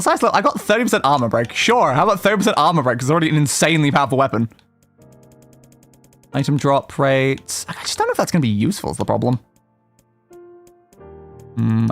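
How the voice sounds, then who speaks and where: A man's voice: fairly high pitch, a bit bright. A man streaming a video game, chatting casually and chanting playful sing-song nonsense while he plays. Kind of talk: casual gameplay commentary.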